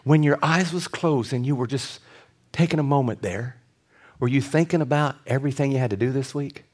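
A middle-aged man preaching a sermon, swinging from loud, stretched-out bursts to quiet, close asides. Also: mid-range voice, a little fast. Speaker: pastor.

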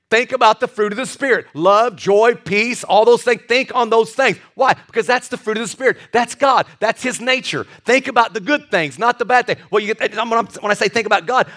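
This high-pitched pastor brings his sermon stories to life, acting out each character's voice with energy. When the moment turns tender, his voice falls to a soft whisper.

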